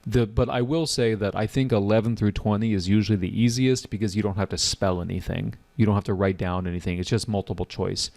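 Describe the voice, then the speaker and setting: A man's voice: lowish voice, fairly quick, vocal fry, few pauses. A man teaching an online test-prep class, acting out confused test takers. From United States. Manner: animated, acts out test takers' reactions.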